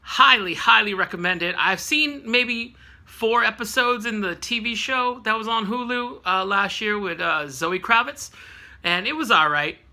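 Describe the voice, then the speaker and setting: Sitting high but gravelly and sharp, his voice moves a little slowly. He's a Californian book reviewer in his late thirties, rambling casually through a vlog about his reading with frequent fillers and self-corrections.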